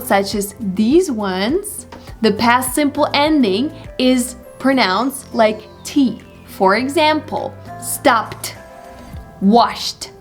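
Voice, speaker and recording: Young woman, non-native English, fairly high voice, encouraging teacher pacing out examples, soft music bed. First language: not English. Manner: encouraging, deliberate with example words. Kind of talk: casual online lesson.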